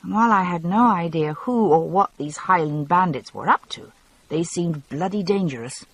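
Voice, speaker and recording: Husky-voiced woman narrating an audiobook. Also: lowish voice, moderate pace, poor audio. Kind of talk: first-person novel narration.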